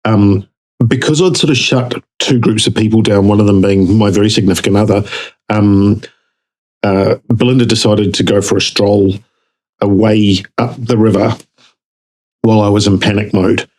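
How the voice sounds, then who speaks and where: A man with a New Zealand accent, a podcast guest telling a story casually and animatedly, jumping up in pitch to act out dialogue. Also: steady tone, normal speed, a little mellow, rough recording.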